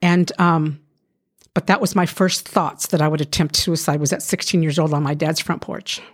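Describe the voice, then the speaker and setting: A woman telling her own life story as an interview guest, earnest and emotional, often pausing with "um" and restarting her sentences. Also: low voice, steady tone, slightly rough. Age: adult. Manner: earnest, halting, with frequent "um" and restarts. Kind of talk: emotional personal testimony.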